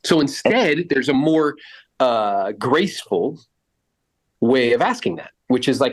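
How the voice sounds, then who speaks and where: A man's voice: mid-range voice, expressive, moderate pace. A man coaching real estate agents in a podcast conversation, blunt and profane, acting out both sides of sales calls. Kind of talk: coaching talk with acted-out sales scripts.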